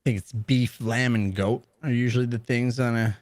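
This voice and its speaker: A man's voice: mid-range voice, fairly even intonation, moderate pace, no echo. A man co-hosting a casual livestream chat, out of breath, joking and teasing the others. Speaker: co-host.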